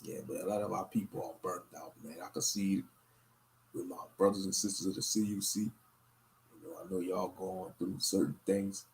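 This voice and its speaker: Deep gravelly man, tired late-night ramble. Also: moderate pace, a little hiss or hum. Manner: low-key and monotone, rambling. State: tired, worn out. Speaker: livestream host.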